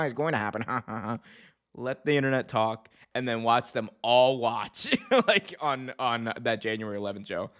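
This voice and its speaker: Rambling, animated wrestling podcast host man. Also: medium pitch, clear, resonant tone. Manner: animated, rambling, lots of fillers and restarts. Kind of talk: casual commentary reading live chat.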